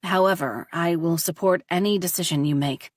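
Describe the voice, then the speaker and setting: Woman voicing a gentle, reassuring mother. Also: lowish voice, normal speed, dry recording, studio quality, lightly acted. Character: jailed mother, loving and steady.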